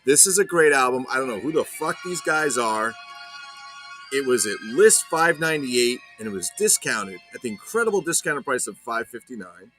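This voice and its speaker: Brief: male vlog host, medium pitch, excitable and foul-mouthed, rambling casual chat with a lot of pitch movement. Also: normal speed, soft background music. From not Ireland. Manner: profane, enthusiastic, rambling. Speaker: collector vlogger.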